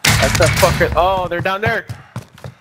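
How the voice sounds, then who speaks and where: A young man playing a shooter game as a teammate, making quick, reactive callouts and swearing. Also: high-pitched. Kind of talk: casual gaming chat. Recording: gameplay with game noise behind.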